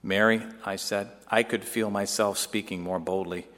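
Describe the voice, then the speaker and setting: Male actor as Joseph: earnest young son, tender storytelling monologue, slightly low voice, long hall echo. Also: steady tone, moderate pace, a bit bright, natural voice. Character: earnest young man Joseph confiding in his mother. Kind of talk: dramatic first-person monologue. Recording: long echoey hall reverb.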